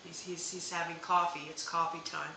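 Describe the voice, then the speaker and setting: A woman's voice: lowish voice, flat delivery, moderate pace, gravelly, very echoey, noisy background. A woman hosting a live psychic reading, talking hesitantly with many fillers and restarts. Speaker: psychic medium host.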